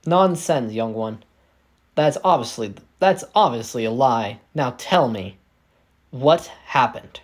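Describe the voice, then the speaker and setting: A man's voice: mid-range voice, lively intonation, slow. Man doing a sly short bald schemer. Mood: smooth, coaxing.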